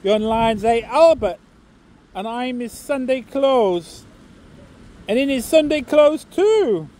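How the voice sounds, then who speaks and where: A man's voice: extremely high pitch, expressive, slow pace, a little mellow, pitched above the performer's own voice, heavily acted. A man voicing a plain-spoken working-class northern father in a put-on Lancashire accent, in a comic recited poem. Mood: aggrieved.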